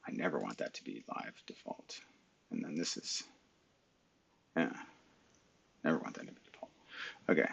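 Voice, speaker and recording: A man's voice: rumbling low, expressive, moderate pace, gravelly, pauses often, fairly bright tone, slightly rough. A middle-aged man hosting a live stream, talking casually through his screen and muttering back at his computer, recorded on a webcam mic. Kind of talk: casual screen-share talk.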